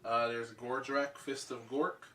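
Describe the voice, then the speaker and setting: A man hosting a casual podcast, his voice bright and pushing forward. He rambles easily and swears freely while he banters with friends. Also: medium pitch, measured pace, distant mic. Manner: relaxed, profane banter. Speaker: podcast host. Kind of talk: casual chat.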